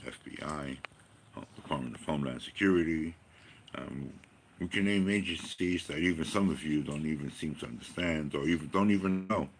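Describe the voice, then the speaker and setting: A man's voice: rumbling low, slightly rough. A man giving a rambling personal monologue, emphatic and profane, full of rhetorical questions. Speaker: vlogger.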